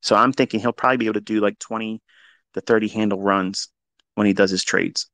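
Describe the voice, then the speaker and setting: A man teaching trading in a live audio talk, blunt and heavily profane, swinging between loud emphatic bursts and quieter asides. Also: fairly low pitch, fairly even intonation, fast, no echo. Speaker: trading educator.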